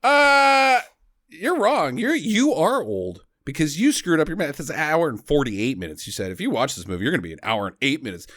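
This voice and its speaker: A man hosting a podcast in casual chat, animated and joking, with silly sound effects. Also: on the high side, brisk, no echo, clean studio sound. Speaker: podcast host.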